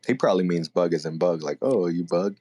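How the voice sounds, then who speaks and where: A man co-hosting a podcast, chatting casually about a manga chapter and thinking out loud as he goes. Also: sits low, a little fast. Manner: laid-back, thinks aloud, self-correcting. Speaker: podcast co-host.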